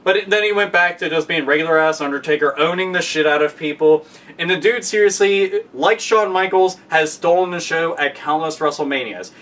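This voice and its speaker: A man ranting casually and profanely, excitable, often breaking into loud shouted impressions. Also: fairly high pitch, a little fast, recorded from a distance. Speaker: podcast guest.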